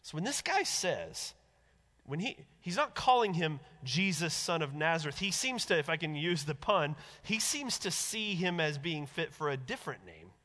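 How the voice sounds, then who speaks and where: Male pastor, high bright voice, lively sermon delivery that acts out quoted voices, long hall reverb. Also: normal speed.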